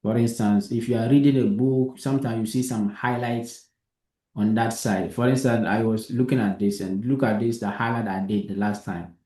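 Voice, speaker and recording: Man, coding teacher, low voice, patient, keeps checking understanding, roomy echo. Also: fairly even intonation, normal speed, mellow. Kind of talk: live coding lesson.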